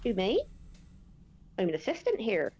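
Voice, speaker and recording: A woman's voice: medium pitch, wildly swooping pitch, normal speed, darkish tone, breathy edge, lo-fi sound, pitched below the performer's own voice, exaggerated voice. A woman voicing a chatty young female studio assistant in a video game, reading the lines loosely and jokily.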